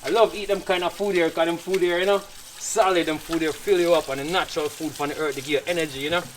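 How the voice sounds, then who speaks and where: Jamaican man, slightly high voice, easygoing patois cooking chat, faint sizzle behind. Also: fast talker, noisy background. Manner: relaxed, chatty, patois phrases. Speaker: cook. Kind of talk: casual cooking demonstration.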